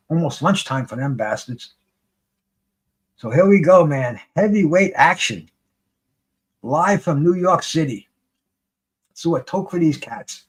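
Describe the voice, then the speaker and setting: Zachrypnięty mężczyzna, luźny komentarz bokserski. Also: male voice, a little high, breathy edge. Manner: rambling, swears freely, many restarts, excitable. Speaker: streamer commenting on a live boxing broadcast. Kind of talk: casual live fight commentary.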